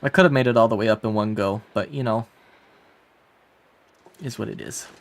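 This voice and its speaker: A man's voice: fairly low pitch, normal speed, vocal fry. An American man giving casual livestream gameplay commentary, chatty and swearing, talking back to his chat. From United States. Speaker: streamer playing a survival game. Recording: steady background noise.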